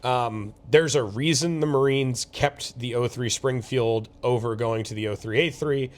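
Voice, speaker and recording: A man's voice: medium pitch, unhurried. Opinionated young man chatting outdoors. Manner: opinionated, repeats words. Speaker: co-host. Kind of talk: casual chat. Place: outdoors at a shooting range.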